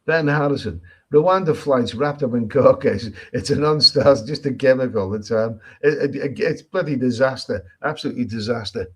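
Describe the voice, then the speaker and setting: A man's voice: medium pitch, moderate pace, few pauses, fairly bright tone, breathy edge. A man from England hosting a casual travel live stream, reading viewer comments aloud and answering them in a chatty, repetitive way with many restarts and emphatic opinions. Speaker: travel vlogger host. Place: island in Thailand.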